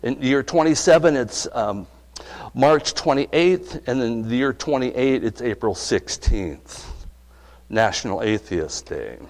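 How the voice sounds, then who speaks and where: A man's voice: mid-range voice, animated, slow. A middle-aged male pastor preaching a sermon, conversational and asking his congregation questions. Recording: long reverb of a hall.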